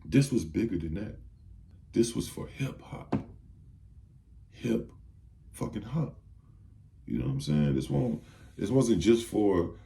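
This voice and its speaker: A man's voice: lowish voice, mellow. A man giving a heated, profane commentary rant, firing off rhetorical questions. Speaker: video commentator.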